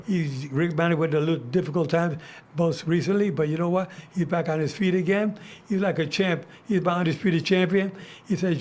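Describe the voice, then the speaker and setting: A man's voice: fairly high pitch, fairly even intonation, a little fast, darkish tone. An older man hosting a talk show, telling casual stories with many restarts and fillers. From United States. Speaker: host. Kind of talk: casual storytelling chat.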